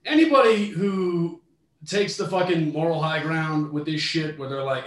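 A man giving a heated, profane rant while reacting to a story, shouting in bursts. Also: on the high side, measured pace, echoey room.

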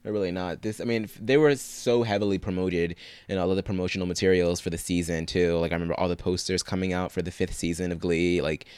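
A man co-hosting a podcast, recapping scenes in casual chat and quoting characters in quick, animated paraphrase. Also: low-pitched, clean tone, no room sound. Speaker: podcast co-host.

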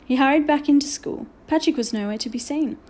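A woman narrating a children's storybook aloud in an expressive, measured way. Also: high voice. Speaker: audiobook reader.

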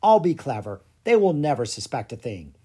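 A storybook narrator voicing an eager, reassuring young boy prince, with a lively, breathy delivery. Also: medium pitch, normal speed.

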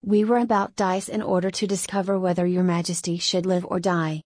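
A woman reading the lines of a blunt, defiant male baron in an audiobook, with a growling, slow delivery. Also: lowish voice, level tone, a little mellow, dry recording, clean studio sound, natural voice.

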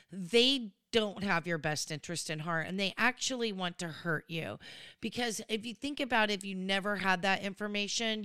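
A woman's voice: mid-range voice, sharp tone, clean tone, dry recording, clean studio sound. Chatty, opinionated woman recapping TV. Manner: chatty, opinionated, acts out quotes in voices. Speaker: reality TV recap commentator. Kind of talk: casual recap commentary.

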